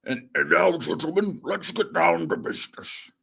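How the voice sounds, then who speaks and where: A man voicing a grave, elderly British prime minister in a read-aloud comic, in a slow, ceremonious manner. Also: a little high, gravelly, sharp tone, husky, heavily acted. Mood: stately.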